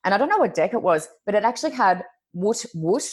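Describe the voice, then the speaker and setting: A woman's voice: mid-range voice, sing-song, fairly quick. A woman telling a funny story as a podcast guest, laughing often and mimicking other people's voices. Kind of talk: casual chat, animated storytelling.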